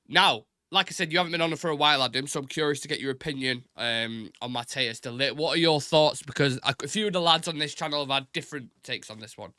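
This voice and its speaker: A man's voice: on the high side, pushed and bright, no room sound, clean studio sound. Chatty man hosting a fan show. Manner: chatty, fast, many restarts. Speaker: host. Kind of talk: live fan show chat.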